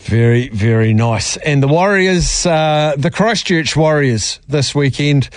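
A man's voice: fairly high pitch, a little slow, dry recording. A man hosting sports radio, bantering with a guest and reading out listener texts. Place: radio studio.

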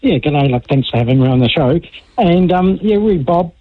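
A man's voice: fairly high pitch, expressive, a little fast. A male caller phoning a talkback show, earnest and hesitant with frequent ums. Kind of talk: phone-in to talkback radio. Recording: tinny phone line.

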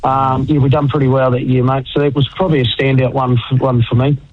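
A man's voice: medium pitch, level tone, fast talker, no room sound. A man chatting casually as a guest, laid-back and rambling. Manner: laid-back, rambling, says mate a lot. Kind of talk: casual chat. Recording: muffled lo-fi audio.

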